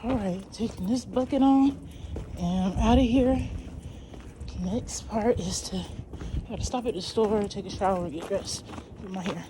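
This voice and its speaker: A woman in her thirties, a cowgirl and mother, chatting to viewers in a casual vlog, excitable and calling her audience y'all. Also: mid-range voice, background noise. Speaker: vlogger, cowgirl. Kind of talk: casual vlog narration to camera.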